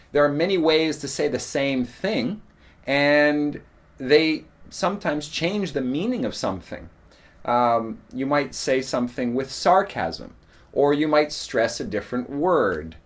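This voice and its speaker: A man teaching in a relaxed spoken lesson, explaining tips at an easy pace with frequent ums and uhs. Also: mid-range voice, unhurried. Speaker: English teacher.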